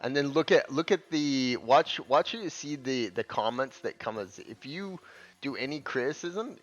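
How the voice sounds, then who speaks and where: Reacting to gaming clips, this man swears a lot and sounds heated and contemptuous. His medium-pitched voice moves with lively intonation at a normal speed. Faint music sits behind the dull, lo-fi recording.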